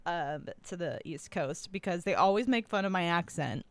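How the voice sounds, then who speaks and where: A woman's voice: fairly low pitch, animated, moderate pace, no echo. A young adult woman co-hosting a podcast, chatting casually in a rambling way with lots of filler words. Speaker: podcast co-host. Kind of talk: casual chat.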